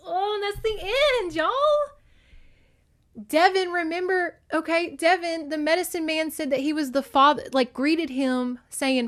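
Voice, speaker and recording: Animated woman recapping a book. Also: high voice. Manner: animated and emotional, swings between loud and soft; laughs and curses freely. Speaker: podcast host. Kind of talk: casual book recap monologue. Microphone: phone.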